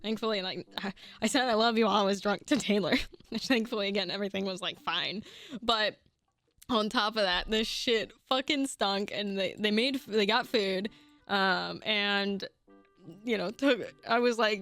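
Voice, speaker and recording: A young woman telling a personal story in a casual, animated way, swearing freely, laughing often and restarting her sentences. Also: medium pitch, normal speed, faint music behind.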